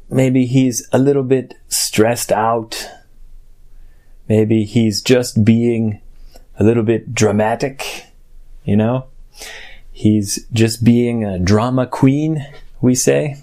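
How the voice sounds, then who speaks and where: A man's voice: medium pitch, fairly even intonation, takes it slowly, pauses often, a little mellow. A man hosting a podcast alone, talking in a casual, playful way, switching between sulky grumbles and muttered asides. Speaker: podcast host. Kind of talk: bilingual casual podcast chat.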